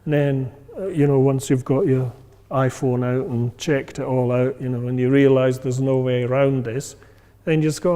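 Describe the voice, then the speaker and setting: A man's voice: mid-range voice, fairly even intonation, normal speed, warm tone. Man teaching meditation in a reverberant hall. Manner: conversational, many fillers, acts out inner voices. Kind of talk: informal class talk.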